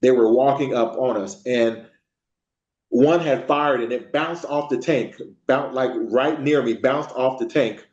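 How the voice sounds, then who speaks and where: A man, an Army veteran, recalling his service in an oral history interview, halting with frequent ums and restarts. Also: medium pitch, darkish tone. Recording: echoey room, dull lo-fi sound.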